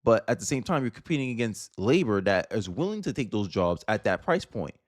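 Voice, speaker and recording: A man's voice: fairly low pitch, very animated, brisk, no echo. Blunt opinionated man, dry sound. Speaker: political commentator. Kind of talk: casual video commentary.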